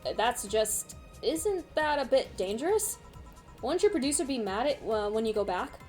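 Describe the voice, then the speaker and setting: A woman voicing a dry, deadpan young woman bartender as she reads a visual novel aloud, dropping low and flat. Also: moderate pace, soft background music.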